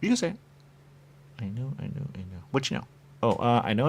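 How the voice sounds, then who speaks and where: A man hosting a radio show, talking in a rambling, repetitive monologue with muttered asides and sudden loud bursts. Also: fairly low pitch, animated, fast talker, vocal fry. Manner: repetitive, playful, muttering asides, wide swings in loudness. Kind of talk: rambling stream-of-consciousness monologue.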